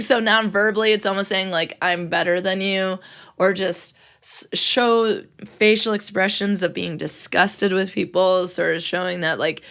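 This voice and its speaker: Young adult woman, casual podcast host, chatty with a fried, gravelly tone. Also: on the low side, a bit bright. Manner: chatty, laughs often, acts out quotes.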